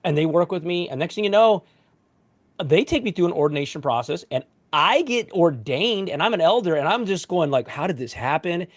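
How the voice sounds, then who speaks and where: A man's voice: high voice, brisk. A man in his thirties, a pastor, telling a personal story in a casual panel discussion, acting out quotes. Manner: animated storytelling, voices quotes.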